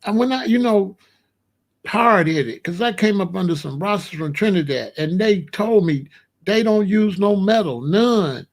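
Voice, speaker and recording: Guy chatting casual and slangy, kinda high voice, gets worked up. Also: measured pace. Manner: slangy, emphatic, animated disbelief. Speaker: vlogger. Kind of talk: casual monologue to camera.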